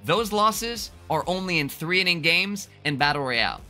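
A man giving excited, joking gameplay commentary with crude trash talk and bursts of yelling. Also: high-pitched, normal speed, faint music behind. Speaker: gaming video creator.

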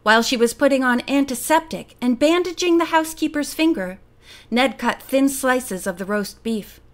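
A woman narrating a mystery novel as an audiobook, telling the story in an expressive, lively way. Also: high voice, normal speed.

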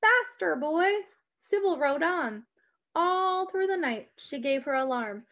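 A woman reading a children's story aloud with an expressive, dramatic delivery. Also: high voice, unhurried, highs cut off.

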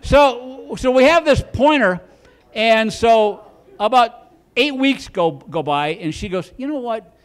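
A man's voice: very high voice, expressive, takes it slowly, smooth. A middle-aged man doing stand-up on a club stage, telling a rambling story with lots of stammered restarts. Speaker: stand-up comedian.

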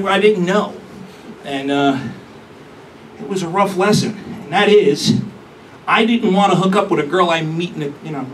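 A man doing a crude, brash stand-up comedy set, recorded on a distant mic with room noise. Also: high voice. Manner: brash, crude, punchy delivery.

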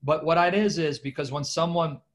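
A man teaching a Bible class in an animated, emphatic way, speaking over a video call and addressing his viewers directly. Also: a little high, normal speed. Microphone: video call microphone.

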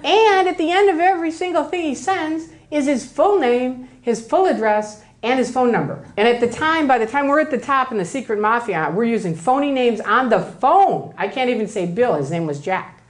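A woman giving a personal storytelling talk, animated and acting out the voices she quotes, often tagging lines with "right?". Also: high-pitched, moderate pace, few pauses. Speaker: speaker giving a public talk.

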